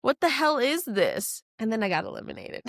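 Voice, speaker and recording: A woman from New Orleans, a guest chef telling stories in a casual podcast chat. She swears freely and acts out other people's lines with lively quoting. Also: fairly high pitch, moderate pace, creaky, no echo, studio quality. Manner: animated storytelling, acts out quotes, swears freely.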